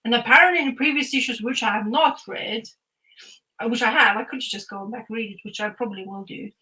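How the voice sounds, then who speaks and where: A young woman on a casual podcast, winding through a comic's plot with lots of fillers and restarts. Her voice sits a little high and rings bright and forward. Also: fairly quick, low-quality recording. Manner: rambling, animated storytelling with frequent fillers and restarts. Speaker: podcast co-host.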